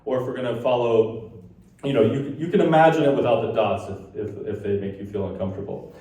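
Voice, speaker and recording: A man's voice: medium pitch, fairly even intonation, fast, warm tone. A man giving a conference lecture, explaining ideas and now and then tapping out rhythms in sung syllables. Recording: echoey hall from far off.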